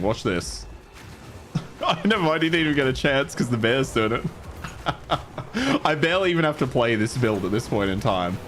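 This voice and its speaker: A man's voice: medium pitch, a bit bright, a little hiss or hum. Chatty streamer guy greeting viewers. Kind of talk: casual gameplay livestream.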